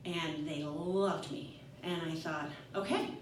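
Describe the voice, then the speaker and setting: This fortysomething woman recounts a personal story at a live storytelling event, candid, self-deprecating, and laughing nervously. Recorded from a distance in an echoey room with slight background noise, her fairly low voice moves at normal speed.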